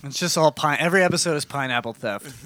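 A man's voice: fairly high pitch, bright, forceful tone, dry recording. A man hosting a casual podcast, joking and reading out news headlines. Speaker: podcast host. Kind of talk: casual chat.

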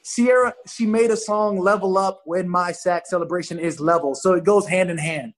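A man chatting as a guest on a podcast, telling animated stories and acting out quoted voices. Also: high voice, normal speed. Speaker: guest football player. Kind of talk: casual podcast chat.

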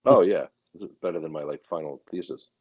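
A man's voice: a bass voice, fast talker, breathy edge, no room sound, narrow, tinny audio. A man co-hosting a podcast, chatting in laid-back, dry banter. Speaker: podcast co-host. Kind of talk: casual podcast chat.

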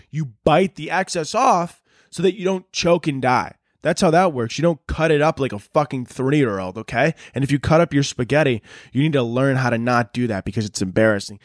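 A man's voice: on the high side, no room sound, clean studio sound. Profane, rambling young podcast host, man. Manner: profane, rambling, jumps into silly character voices. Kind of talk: solo comedic podcast rant.

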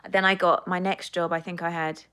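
A woman's voice: lowish voice, a little fast, clear, resonant tone. A woman in her thirties with a British accent, a guest actress chatting and telling stories in a studio interview. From United Kingdom. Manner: animated, storytelling. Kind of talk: casual interview chat.

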